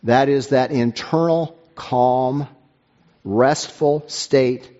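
A man preaches in a measured, earnest way and reads a story aloud to his listeners. His voice sits in the middle range and stumbles now and then over fillers and restarts. The recording is dull and lo-fi. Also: mid-range voice, steady tone, mellow. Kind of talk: sermon with read-aloud story.

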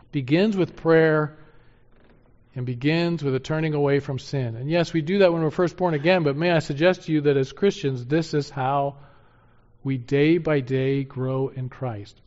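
A man preaching a sermon, moving from loud urgent exhortation to hushed, earnest pleading. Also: fairly high pitch, a little slow. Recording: dull sound with long hall reverb.

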